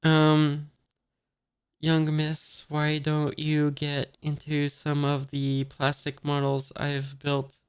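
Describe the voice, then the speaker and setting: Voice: medium pitch, completely flat delivery, takes it slowly, clear, resonant tone, no room sound, studio quality, natural voice. A reader voicing a stout, nerdy teenage boy from a comic, speaking politely and formally. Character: stout teenage boy, model-building nerd.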